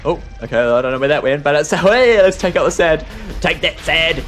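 A young man doing excitable gameplay commentary, exclaiming and laughing at his own mistakes. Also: fairly high pitch, fairly quick, faint music behind. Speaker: gaming YouTuber.

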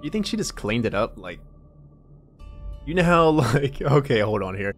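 A man's voice: mid-range voice, big pitch swings, normal speed, soft background music. A man giving casual, joking gameplay commentary and rambling as he plays. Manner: joking, rambling, laughs often. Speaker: let's play host.

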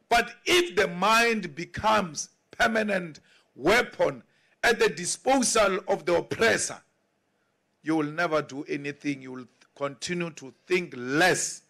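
A man in his forties with a South African accent, a party leader giving a political speech in slow, emphatic oratory that now and then rises to a shout. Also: high-pitched. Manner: mocks others in acted quotes. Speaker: party leader addressing members.

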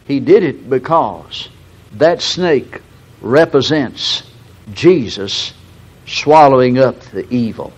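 Folksy older preacher on lo-fi radio. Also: male voice, a little high. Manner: folksy storytelling preacher, slow emphatic stresses. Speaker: radio Bible teacher. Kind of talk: broadcast sermon. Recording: dull lo-fi broadcast recording.

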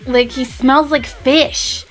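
A woman's voice: high-pitched, steady tone, slow pace, soft background music. A woman voicing a stressed, judgy young woman in a life-sim game, gossipy and exasperated.

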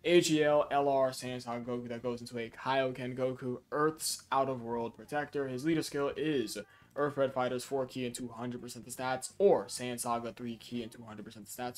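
A tired young man talks through a game card review in a casual, low-energy voice. His pitch sits in an ordinary middle range, and he pads his talk with fillers and quick self-corrections. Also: fairly even intonation. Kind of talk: casual commentary.

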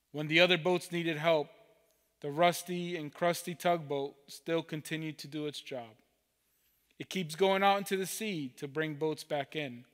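A man preaching, telling a parable slowly and deliberately as a pastor. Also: a little high, big-room sound. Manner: slow, deliberate storytelling. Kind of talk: sermon storytelling. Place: church sanctuary.

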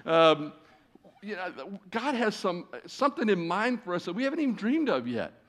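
A man of about sixty delivers a sermon to a big congregation. He tells stories in a folksy, self-deprecating way and fills his pauses with "uh." His voice sits a little higher than most men's. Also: big pitch swings, a bit bright. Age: 60s. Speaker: guest preacher. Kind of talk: sermon with storytelling. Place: church stage before a large congregation.

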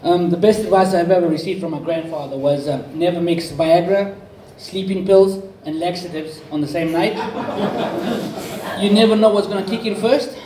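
A man performing a stand-up set on a club stage, delivering deadpan self-deprecating one-liners. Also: sits high, moderate pace. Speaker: stand-up comedian. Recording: echoey club, distant mic, noisy.

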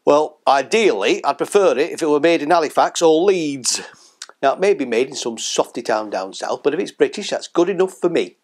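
A man's voice: a little high, animated, fairly quick. A man playing a stubborn, blunt older patient with a Yorkshire accent in a satirical sketch. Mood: grumbling. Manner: blunt, bossy, grumbling. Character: gruff old northern English patriot, stubborn.

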